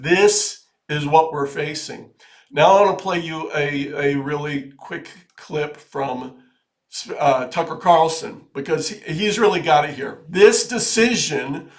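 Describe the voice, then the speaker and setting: Earnest man, halting commentary. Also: on the high side. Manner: earnest, halting with frequent restarts; grows emphatic and urgent. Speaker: video host. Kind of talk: casual political commentary.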